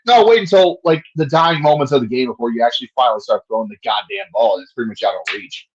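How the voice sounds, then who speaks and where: A man's voice: mid-range voice, quick pace, hardly any pauses, husky, highs cut off. A man giving casual play-by-play commentary on a fan livestream, profane and frustrated, ranting between plays.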